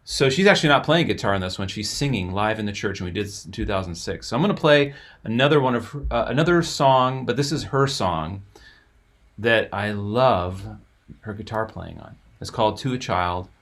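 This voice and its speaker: A man's voice: fairly low pitch, fairly quick, a bit bright. A man hosting, casually explaining a music arrangement with enthusiasm as it plays. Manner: explanatory, enthusiastic, talks over playing music. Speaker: host and musician.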